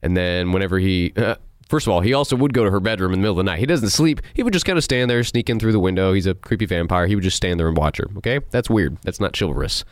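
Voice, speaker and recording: Lively, sarcastic low-voiced man. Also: quick pace, no room sound, studio quality. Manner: animated, sarcastic, incredulous. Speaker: host. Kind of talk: ranting movie review.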